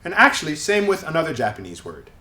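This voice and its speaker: A man teaching English pronunciation, native speaker, demonstrating words slowly and with clear, exaggerated stress. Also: fairly high pitch, huge pitch swings, pushed and bright, echoey room. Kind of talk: pronunciation lesson.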